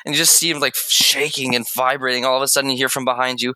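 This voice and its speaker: Brief: tabletop GM, male, bright voice, hesitant narration, dry sound. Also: medium pitch, level tone, clean tone, dry recording, poor audio. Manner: halting, lots of fillers and laughs. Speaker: game master.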